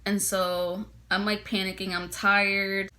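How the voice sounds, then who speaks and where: A woman's voice: mid-range voice, little pitch movement, takes it slowly, bright, forceful tone. A young woman casually telling a personal story to her viewers, chatty, full of "like" fillers, laughing now and then.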